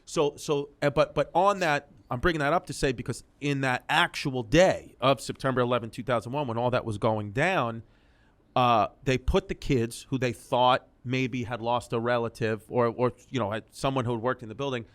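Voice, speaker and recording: A man in his thirties tells stories as a comedian guest in a relaxed interview. His voice sits in an ordinary middle pitch. He talks animatedly, tripping over and repeating words as he goes. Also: normal speed. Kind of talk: casual interview storytelling.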